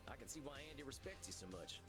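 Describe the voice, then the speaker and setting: An actor playing a weary, reflective cowboy vampire, talking in a folksy, laid-back over game music. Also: male voice, mid-range voice, lively intonation, fast, natural voice. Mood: musing.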